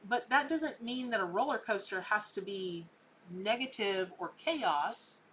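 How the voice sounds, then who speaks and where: A woman's voice: mid-range voice, measured pace, fairly bright tone, slight background noise. A woman, hosting a live tarot reading in a chatty, emphatic way. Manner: chatty and emphatic, repeats words for effect. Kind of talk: casual live psychic reading.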